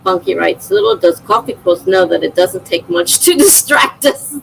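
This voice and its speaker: A woman's voice: lowish voice, expressive, normal speed, gravelly, slight background noise, poor audio. A middle-aged woman hosting a livestream, chatting casually and laughing often as she reads viewer comments aloud. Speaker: livestream host.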